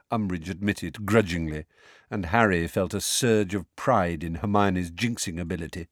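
A man narrating an audiobook in expressive scripted storytelling. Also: low-pitched, normal speed, dry recording, studio quality.

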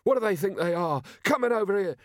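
A man's voice: high voice, expressive, fast, dry recording, clean studio sound, pitched above the performer's own voice. A man voicing a nervous, defiant male rioter who blusters and falters, in an audiobook. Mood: blustering.

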